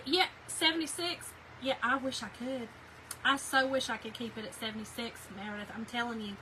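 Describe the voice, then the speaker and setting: A woman's voice: a little high, bright, forceful tone, a little hiss or hum, low-quality recording. A middle-aged woman, chatting casually with viewers on a live craft stream and answering their comments. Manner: chatty, talks straight to viewers, reads out chat comments. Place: home craft room.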